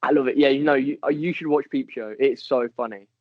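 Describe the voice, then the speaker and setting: A man's voice: mid-range voice, fairly even intonation, quick pace, no echo, dull audio. A man co-hosting a podcast, in casual banter that is blunt and full of swearing. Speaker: podcast co-host. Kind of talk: casual chat.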